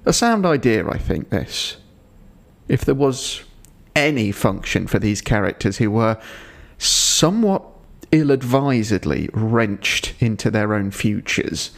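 A man's voice: on the low side, creaky. A man hosting a podcast, giving a digressive episode review with dry, wry asides. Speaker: podcast host.

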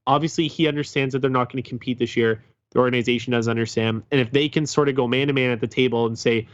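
Man, sports podcast co-host: mid pitch, muffled lo-fi sound, dry room, rambling delivery. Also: fairly even intonation, rapid-fire, no echo. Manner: rambling, hesitant with many fillers and restarts. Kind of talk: casual sports chat. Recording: dull lo-fi sound.

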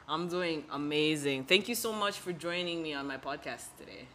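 A woman's voice: low-pitched, moderate pace, fairly bright tone, a little hiss or hum. A young adult woman hosting her podcast in a casual, upbeat way, full of "like" and "you know". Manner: chatty, upbeat, heavy use of "like" and "you know". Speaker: podcast host. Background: background music.

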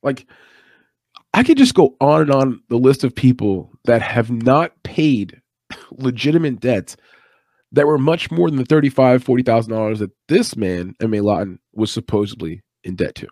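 Expressive and a little mellow, a mid-range male voice at normal speed carries this late-night MMA podcast from the United States East Coast. He rambles chattily with opinionated asides in casual live-stream commentary, recorded at studio quality without echo.

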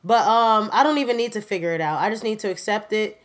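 A woman in her twenties giving a candid, animated personal update on her podcast, laughing often and talking straight to her listeners. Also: mid-range voice, quick pace. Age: 20s. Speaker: podcast host.

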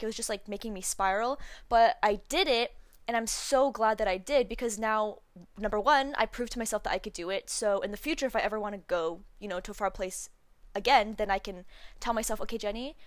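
Young woman, podcast host, upbeat chatty storytelling, slightly high voice. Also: no room sound. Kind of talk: casual chat.

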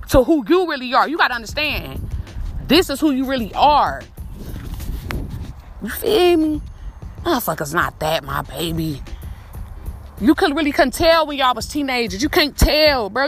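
Speaking straight to her audience, a twentysomething podcast host gives a fired-up, foul-mouthed pep talk meant to motivate. Her voice is high-pitched and a little bright.

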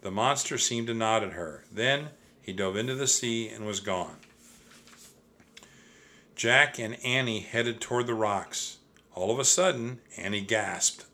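Bright, unhurried man reading a kids' story. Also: lowish voice. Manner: expressive, addresses kids directly. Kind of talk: reading a children's book aloud.

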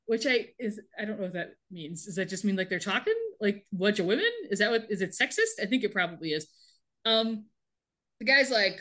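A woman's voice: medium pitch, expressive, fairly bright tone. A woman co-hosting a podcast, recapping a TV episode in casual chat with a wry, laughing manner, quoting the characters' lines. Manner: wry, laughing, reads show lines in quick put-on voices. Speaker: podcast co-host.

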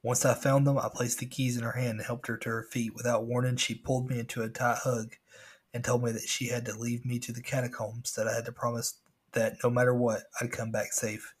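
A man's voice: mid-range voice, flat delivery, a little fast, slightly rough. A man reading a scary story aloud as a podcast host, with casual asides.

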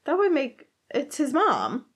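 A woman's voice: high-pitched, huge pitch swings, a little slow. A woman co-hosting a podcast, chatting easily about a movie, laughing often and trailing off mid-thought. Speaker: podcast co-host. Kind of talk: casual movie chat.

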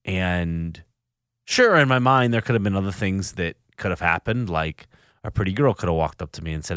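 Earnest deep-voiced man, dry studio sound. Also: fairly bright tone, no echo. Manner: earnest, halting with frequent restarts. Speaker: podcast host. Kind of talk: reflective solo podcast monologue. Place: recording studio.

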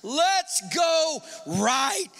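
A man voicing a bold, eager biblical scout who shouts with excitement and urgency. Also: very high voice, extremely slow, creaky, pitched above the performer's own voice, full character voice.

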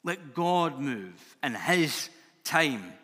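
Forceful preacher in a reverberant hall. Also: male voice, a little high, big pitch swings, extremely slow, slightly rough. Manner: earnest, emphatic, builds in intensity. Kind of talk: sermon. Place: church hall.

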